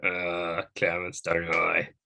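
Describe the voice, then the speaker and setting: Slow-talking, low-voiced man. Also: completely flat delivery, vocal fry, pushed and bright. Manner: laid-back, chuckling reactions. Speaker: podcast host. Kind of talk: casual chat.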